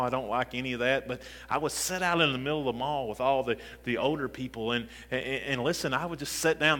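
A man's voice: mid-range voice, fairly bright tone. Preacher man in a reverberant hall. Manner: preaching with rising intensity, repeated "listen" and restarts. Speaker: pastor. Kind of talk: sermon. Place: church sanctuary.

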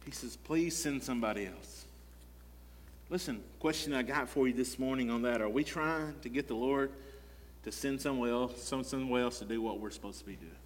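A man's voice: mid-range voice, brisk, slight background noise. Man preaching in a reverberant hall. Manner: conversational preaching with repeated "listen" and rhetorical questions. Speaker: pastor. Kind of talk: sermon. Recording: long reverb of a large hall.

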